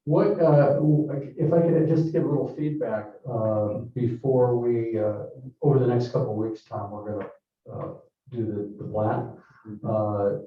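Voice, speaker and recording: Halting man presenting in echoey hall. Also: medium pitch, fairly even intonation. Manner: halting, many fillers and restarts. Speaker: project developer presenting to a town board. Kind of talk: public meeting presentation. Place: town hall meeting room. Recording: echoey council chamber, distant mic, muffled.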